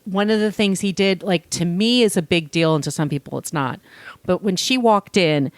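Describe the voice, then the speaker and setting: A woman co-hosting a podcast, telling a true-crime story in casual, animated chat and swearing now and then. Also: fairly low pitch, moderate pace, dry recording. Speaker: podcast co-host.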